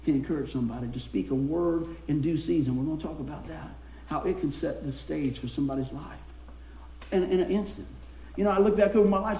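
Folksy, high-voiced preacher man. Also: reverberant. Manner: folksy, animated storytelling with laughter. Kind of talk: sermon with humorous personal story.

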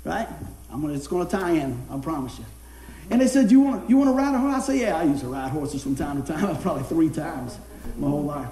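A man's voice: fairly high pitch, expressive, a little fast, warm tone, roomy sound. A man preaching a sermon in a folksy way, telling a funny personal story and laughing as he goes.

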